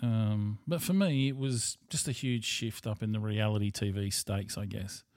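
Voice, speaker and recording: A man's voice: on the low side, normal speed, darkish tone, no room sound, clean studio sound. Blunt, rambling Australian man. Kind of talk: casual monologue.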